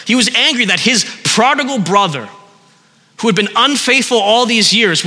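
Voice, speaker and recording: A man preaching a sermon in an earnest way, slowing down for emphasis and letting his voice drop at the ends of phrases. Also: high-pitched, pushed and bright, long reverb tail.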